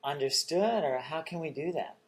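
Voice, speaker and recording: A man hosting an interview, relaxed and chatty, with joking asides. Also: on the high side, moderate pace. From North Carolina. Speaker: interview host.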